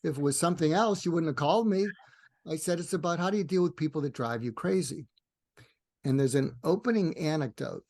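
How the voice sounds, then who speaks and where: A man's voice: gravelly, darkish tone, dry recording, studio quality. An older man, a psychiatrist guest in a podcast interview, telling a story with many restarts and acting out the dialogue. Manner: rambling with frequent restarts, acts out dialogue with rising pitch.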